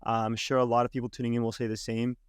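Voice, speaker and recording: A man hosting a podcast interview, his voice at a middling pitch and full of fillers and restarts as he works through his questions. The sound is dry and close. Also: monotone, rapid-fire, clear, resonant tone, no echo. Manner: hesitant, with many restarts and fillers. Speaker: podcast host. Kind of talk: conversational interview.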